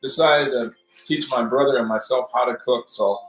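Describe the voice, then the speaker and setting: A man's voice: medium pitch, normal speed, faint music behind. A man helping his wife in a home kitchen, joking with her and speaking hesitantly with many fillers. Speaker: host's husband and assistant. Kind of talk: casual chat. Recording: echoey kitchen.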